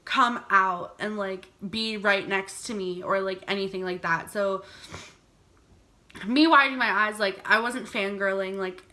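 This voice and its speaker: A woman's voice: medium pitch, steady tone, a little slow, pushed and bright. A young woman vlogger telling a storytime, chatty and giggly, saying "like" all the time. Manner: chatty, heavy use of "like", giggly. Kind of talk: storytime vlog.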